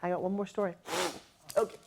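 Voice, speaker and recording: A middle-aged woman telling personal stories as a motivational speaker, lively and acting out quoted dialogue with laughs. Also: medium pitch, fast talker, background noise. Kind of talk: personal storytelling to an audience.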